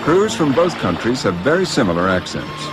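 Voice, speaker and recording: A man narrating a documentary in a scripted, measured delivery. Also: medium pitch, big pitch swings. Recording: music bed under narration.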